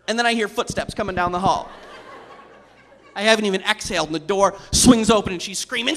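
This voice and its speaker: Man, stand-up comic, high voice, bright sharp tone, conversational with shouting bursts, live theater stage. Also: fast talker, a little hiss or hum. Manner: loose, conversational, building to shouts. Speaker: stand-up comedian. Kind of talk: stand-up comedy routine.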